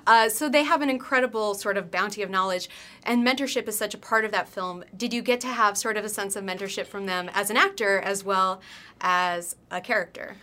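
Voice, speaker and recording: A woman's voice: medium pitch, a little fast, bright, forceful tone. A woman hosting an entertainment press interview, enthusiastic and bubbly. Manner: enthusiastic and bubbly, laughs often. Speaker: host.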